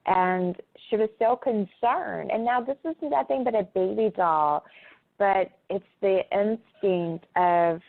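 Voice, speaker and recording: Very slow, halting woman on a tinny phone line. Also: mid-range voice, vocal fry. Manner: hesitant, halting, many filler sounds. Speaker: guest. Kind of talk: casual interview over a call. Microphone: phone call.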